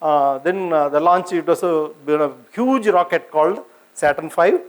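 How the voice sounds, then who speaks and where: A man's voice: fairly high pitch, normal speed, low-quality recording. A man with an Indian English accent giving an informal science lecture, hesitant with many fillers and restarts, asking his audience questions. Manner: asks the audience questions, conversational. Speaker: senior scientist giving a public talk.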